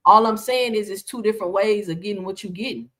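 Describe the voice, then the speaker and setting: A woman's voice: mid-range voice, fast talker, fairly bright tone. A woman hosting casual boxing reaction commentary, talking animatedly and piling up rhetorical questions.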